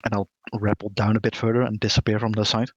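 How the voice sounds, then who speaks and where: Fast-talking low-voiced man, lo-fi mic. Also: level tone, dry recording. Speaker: player. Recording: dull, dry lo-fi mic.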